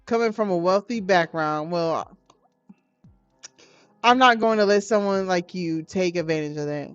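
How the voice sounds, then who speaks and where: A woman's voice: lowish voice, measured pace, smooth, dry recording, soft background music, lightly acted. A woman voicing a stern, wealthy older father who scolds coldly, on a dull lo-fi recording. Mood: scornful. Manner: cold, scolding, lecturing.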